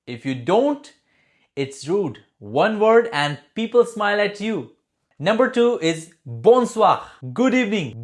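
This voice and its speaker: A man teaching a beginner French lesson, repeating each phrase slowly and encouraging the listener to say it aloud. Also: high voice.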